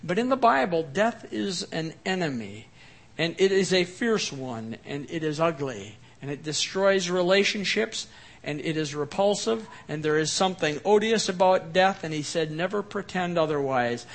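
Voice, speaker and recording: Male pastor, higher register, earnest sermon delivery with swings in volume. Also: lively intonation, normal speed.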